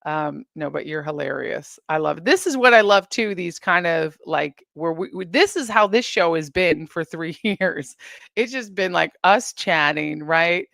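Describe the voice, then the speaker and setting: A woman with a lowish, gravelly voice hosts a casual live stream, reading viewer comments aloud and chatting back. She rambles and giggles as she goes. The sound is dry and close, with no room echo. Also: expressive, measured pace, a bit bright.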